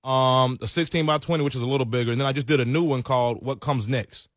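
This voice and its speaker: Comedian guy telling stories on the radio, animated, acts out what people said, dry studio mic. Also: medium pitch, quick pace, no echo. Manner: animated, acts out quotes in loud voices. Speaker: comedian guest. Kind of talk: casual radio chat, comic storytelling.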